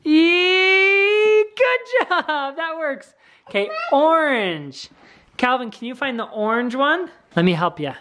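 A woman's voice: on the high side, big pitch swings, a little slow, a bit bright. A woman, a vlogging mother, leading a card game with her small children in an encouraging sing-song way at home. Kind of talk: playing a game with young children.

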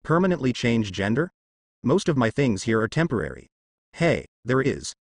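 A man's voice: mid-range voice, very animated, moderate pace, slightly rough, no room sound. A helpful round robot cat from a storybook, sounding puzzled and matter-of-fact, as a male narrator reads him. The delivery rises and falls widely. The sound is close and dry, with no room around it.

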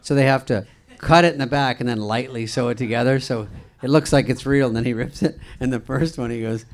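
Dude spinning a dry little showbiz story on a panel, mid voice. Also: male voice, medium pitch, steady tone, fairly quick. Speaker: panel guest. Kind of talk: casual storytelling on stage. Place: conference stage.

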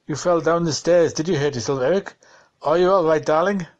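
A gentle, anxious young wife in a storybook reading, as a male narrator puts her on. The voice rises a little in pitch with worried concern. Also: brisk, dull audio, close to an everyday voice.

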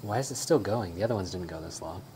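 A woman's voice: extremely low pitch, animated, fast talker, mellow, slight background noise. A young woman co-hosting a casual livestream, teasing and a little bossy. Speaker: co-host.

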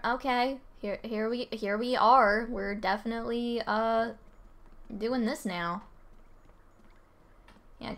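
A woman's voice: on the high side, a bit bright. A woman streamer chatting casually as she plays a video game, blunt with self-mocking asides. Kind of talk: casual gaming commentary.

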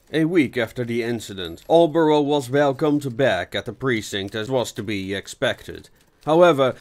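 A male audiobook narrator reading in a measured, steady way. His voice sits at a middle pitch for a man. It is scripted storytelling.

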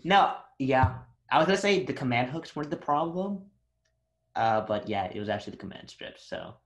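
A man's voice: mid-range voice, animated, moderate pace, highs cut off. A young man in casual chat, joking and trailing off with fillers as a podcast co-host. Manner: jokey, trailing off with uh.

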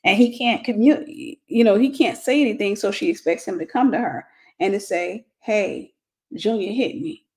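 A woman's voice: medium pitch, expressive, normal speed, darkish tone. A woman teaches about marriage in a loose, conversational way. She is blunt and joking, with plenty of everyday slang. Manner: blunt, humorous, colloquial. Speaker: Christian relationship teacher. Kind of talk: casual teaching talk.

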